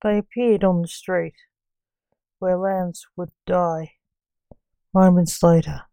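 A woman reading a story aloud in a steady, even storybook narration. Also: fairly low pitch, slow pace, gravelly, clean tone, poor audio.

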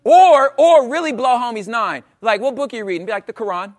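Man, thirties, fairly high voice, animated slangy sermon, checks in with the crowd. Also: brisk. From Los Angeles area. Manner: animated, slangy, asks the crowd "you know what I'm saying". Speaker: preacher. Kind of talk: conversational sermon.

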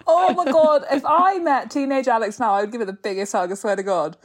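Playful woman with a higher voice. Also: steady tone, a little fast. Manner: playful, teasing, dramatic exaggeration. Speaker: podcast co-host. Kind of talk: casual chat.

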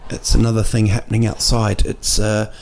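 A man talks through a casual solo podcast in a gravelly, dark voice. He rambles from one joke to the next, full of fillers and false starts. There is a faint hum of room ambience behind him. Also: lowish voice, flat delivery, normal speed. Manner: rambling, joking, with many restarts and fillers. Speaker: podcast host. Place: indoor room at night in a city.

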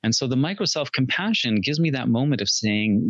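A middle-aged man talks earnestly as a podcast guest, restarting his sentences and laughing at himself now and then. His voice sits in a middle pitch. The recording is dry and a little dull. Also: expressive, fast talker, hardly any pauses, dry recording. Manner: earnest, warm self-talk with frequent restarts and laughs. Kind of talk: reflective conversational chat.

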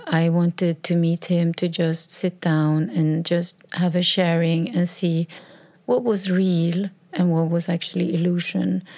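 Woman, podcaster, husky voice, mellow, hesitant storytelling, soft whispered asides. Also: on the low side. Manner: hesitant, with restarts and trailing phrases; drops into soft whispers when quoting texts. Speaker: solo podcaster. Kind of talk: casual personal storytelling. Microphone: recording on a microphone.

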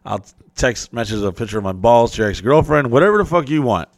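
A man's voice: mid-range voice, lively intonation, fast, dry recording. A man hosting a podcast, telling rambling, profane stories in casual chat and acting out the people in them. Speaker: podcast host.

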